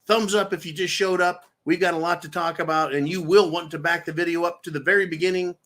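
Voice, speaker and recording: Guy ranting on his livestream, kinda high voice, mocking and crude. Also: fairly even intonation, quick pace, a bit bright. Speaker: livestream host. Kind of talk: political commentary livestream.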